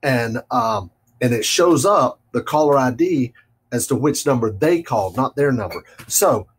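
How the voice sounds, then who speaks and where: A man with a medium-pitched, slightly rough voice speaks at a measured pace while hosting a real estate show. Easygoing and quick to laugh, he offers selling tips and plays out phone calls in a casual business-chat podcast.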